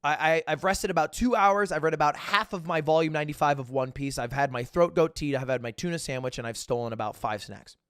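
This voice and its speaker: Talking fast with hardly any pauses, a young man casually relates a story to his livestream chat. He lurches from loud bursts to low asides and acts out the dialogue. His voice is smooth, and the clean studio sound has no echo.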